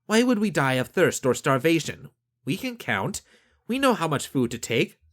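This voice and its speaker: A man voicing a blunt, skeptical young woman on a spaceship crew, pitching his voice up into a lighter register. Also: big pitch swings, normal speed.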